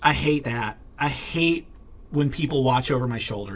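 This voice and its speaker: This is a man in the mid range speaking at ordinary speed. Rambling and annoyed, he rants bluntly into the camera for his vlog, stumbling over fillers, starting sentences again, and cursing here and there.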